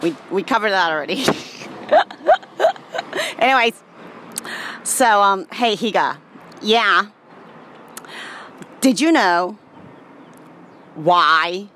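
A woman's voice: mid-range voice, lively intonation, slow pace, pauses often, bright, forceful tone, slight background noise. A woman doing a comedic skit vlog, giddy and playful, trying on voices. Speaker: vlogger.

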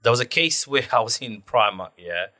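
A man's voice: mid-range voice, moderate pace. A man telling stories animatedly in a casual podcast chat, full of slang. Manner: animated storyteller, loose slang, acts out quotes.

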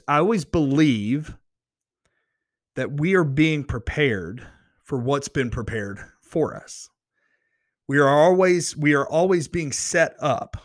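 A man telling a personal faith story to his audience into a close microphone, earnest and excitable, often restarting phrases as he gets worked up. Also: mid-range voice, no echo. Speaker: podcast host. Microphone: close studio microphone.

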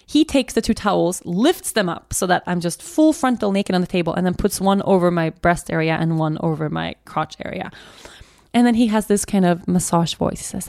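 Young woman, podcast host, halting personal storytelling, lowish voice, dry close sound. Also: creaky, darkish tone, dry recording. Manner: halting, with frequent restarts and repeats.

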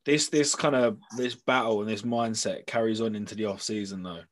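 A man in casual chat, explaining things in a measured, steady way. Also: on the low side.

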